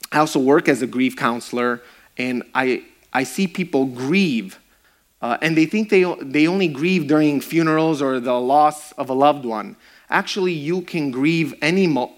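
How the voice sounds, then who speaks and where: A man's voice: medium pitch, fairly bright tone. A man preaching a sermon in an earnest, emphatic way, repeating lines for effect. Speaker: pastor; grief counselor.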